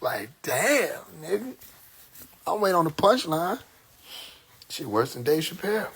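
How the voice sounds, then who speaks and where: This streamer's voice sits on the high side, gravelly with a breathy edge, and he keeps a measured pace. The young man recounts a funny story from his childhood in a loose monologue, cursing freely and breaking into laughter often.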